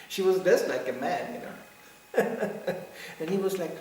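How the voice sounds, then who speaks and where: A gravelly, medium-pitched middle-aged man speaks at a measured pace, sharing lively anecdotes with a devotional gathering, often laughing and acting out quotes. Slight background noise, a very echoey room, and a distant mic mark the recording.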